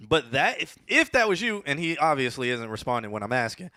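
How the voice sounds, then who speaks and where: Man co-host, bright voice, blunt song critique, dry close mic, animated delivery. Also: mid-range voice, fairly quick, dry recording. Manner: animated, blunt critique, trails off mid-sentence. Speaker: co-host reviewing submitted songs. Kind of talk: casual music review chat.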